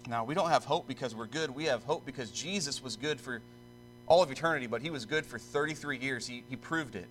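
A man's voice: medium pitch, fairly quick, fairly bright tone, slight background noise, rough recording. A male pastor reading scripture solemnly and then preaching earnestly to a church congregation, repeating himself as he presses a point.

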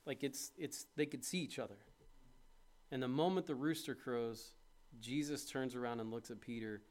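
With a mid-range voice at normal speed, a man addresses his congregation in a sermon, questioning them directly. The tone moves from quiet reflection to loud, impassioned appeals.

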